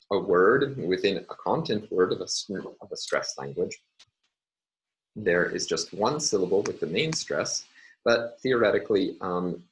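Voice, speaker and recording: A man's voice: sits low, poor audio. A man lecturing on a university course, explaining steadily with frequent fillers.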